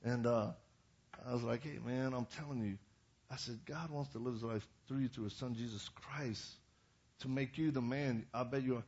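An older man preaching with a storyteller's flair, jumping into quoted voices and breaking into loud bursts. His pitch sits in a middle range for a man. The recording has a dull, lo-fi sound. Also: normal speed. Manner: animated, acts out quotes with sudden loud bursts. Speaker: evangelist preacher. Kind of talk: storytelling sermon.

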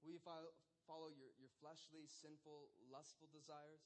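A male pastor in his thirties delivers a sermon with a high-pitched voice. He talks loosely and animatedly, leaning on casual fillers as he goes. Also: normal speed, poor audio. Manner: conversational and animated, lots of fillers.

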